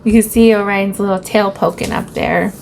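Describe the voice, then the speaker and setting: A woman with a voice of ordinary pitch tells a story from her teaching life in a relaxed, conversational way, often slipping into the lines she and others said. A faint hiss sits under her voice. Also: normal speed, vocal fry. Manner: conversational, retelling dialogue in her own voice. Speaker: teacher and vlog host. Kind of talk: casual personal storytelling.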